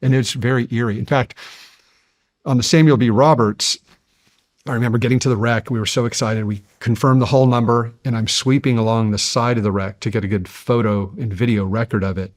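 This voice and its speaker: A man in his fifties, a guest on an interview show, telling stories in a measured, earnest way and building to animated passages. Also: medium pitch, no room sound, clean studio sound. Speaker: guest, deep-sea explorer. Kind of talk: conversational interview storytelling.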